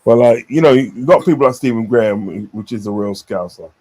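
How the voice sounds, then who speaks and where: A man's voice: medium pitch, a little fast, mellow. A man chatting casually on a stream, rambling with many fillers and repeated phrases. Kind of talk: casual chat.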